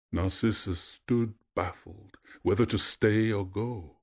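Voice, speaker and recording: A man narrating a myth in a measured, expressive storytelling voice. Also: fairly low pitch.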